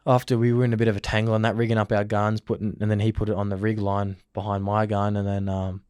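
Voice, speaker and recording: Young Australian male interview guest, casual rambling storyteller, rapid flat delivery. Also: on the low side, clear, resonant tone, dry recording, studio quality. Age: young adult. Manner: rambling, filler-heavy, lots of "like". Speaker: interview guest, rugby league player.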